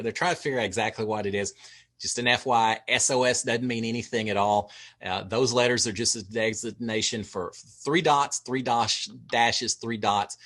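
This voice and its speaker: Texas guy recapping the show overnight, chatty, lots of uhs, wry little jokes, mid pitch voice. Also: sharp tone. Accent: Texan. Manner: chatty, wry asides, frequent filler uhs. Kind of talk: casual recap commentary.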